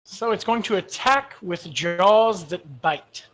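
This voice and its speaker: A woman's voice: medium pitch, lively intonation, takes it slowly, heavy background noise. A woman running a tabletop game as game master, narrating monster attacks with hesitant fillers. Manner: descriptive, hesitant with many fillers.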